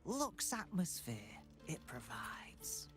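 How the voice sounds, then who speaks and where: An actor playing a refined, vain male shopkeeper in a video game, smooth and flattering, with game music behind. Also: a little high, slow, exaggerated voice. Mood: suave.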